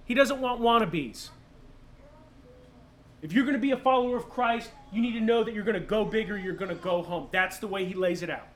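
High-voiced man preaching a casual sermon. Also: fairly quick, slight background noise. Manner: casual, joking and sarcastic asides. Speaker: pastor.

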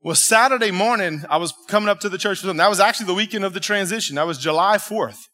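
A man preaching from the pulpit, his voice pitched high for a man and ringing bright. He tells his story with animated emphasis, checking in with the congregation as he goes, in a church sanctuary. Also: rapid-fire. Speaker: pastor. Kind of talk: storytelling sermon.

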